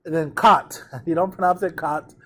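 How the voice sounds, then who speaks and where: Speaking a little fast in a steady, slightly high voice, the teacher lectures on trigonometry. Frequent check-ins with students punctuate the lesson, along with drills where the class repeats terms aloud.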